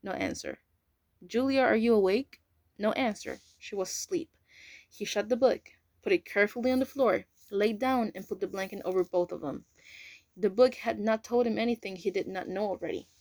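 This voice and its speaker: A woman reads a novel aloud at a careful pace, now and then tripping over a word and correcting herself. Her voice sits in a middle pitch and sounds dry and close to the mic. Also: expressive, moderate pace, darkish tone, no echo. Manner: careful reading with slips and self-corrections. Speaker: reader. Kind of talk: amateur audiobook reading.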